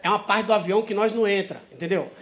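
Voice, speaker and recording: A man with a Brazilian Portuguese accent doing stand-up, telling a loud, profane story. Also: high-pitched, rapid-fire. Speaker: stand-up comedian.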